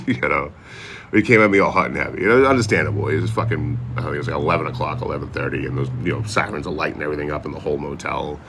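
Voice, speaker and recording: Very deep gravelly man telling a story. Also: fast talker, a bit bright, slight background noise. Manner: loose, profane, rambling with many "you know"s. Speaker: traveling social media creator. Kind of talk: casual storytelling.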